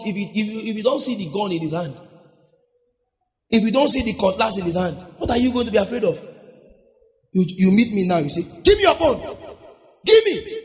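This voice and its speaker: A man with a Nigerian English accent preaching a lively sermon, acting out scenes, laughing and shouting at the peaks. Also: sits high, big-room sound. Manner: animated, acts out scenes, laughs, shouts at climaxes. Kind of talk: lively sermon with congregation banter.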